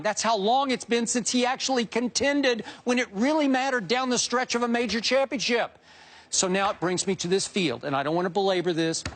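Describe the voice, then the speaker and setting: Emphatic high-voiced male sports debater. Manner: emphatic, building excitement, quick asides.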